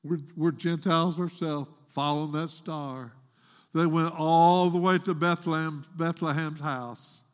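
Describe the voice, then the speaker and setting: A male preacher delivers a sermon at an unhurried, drawn-out pace. His voice sits a little high and sounds bright and ringing. He swings into a dramatic, pleading delivery, and long reverb trails behind him in a church hall. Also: steady tone, smooth. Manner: dramatic, voices the quoted woman in a raised pleading tone.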